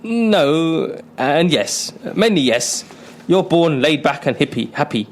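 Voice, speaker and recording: A man's voice: on the high side, big pitch swings, slow, heavily acted. A man playing an anxious, uptight British client in a comedy radio sketch, talking in a flustered, self-conscious way. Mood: fretful.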